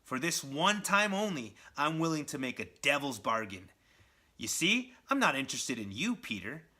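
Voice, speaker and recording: A man's voice: medium pitch, sing-song, moderate pace, bright, forceful tone, heavily acted. A man voicing a sadistic male goblin villain who taunts and threatens his enemy while reading a comic aloud. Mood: menacing. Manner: taunting, theatrical, sneering.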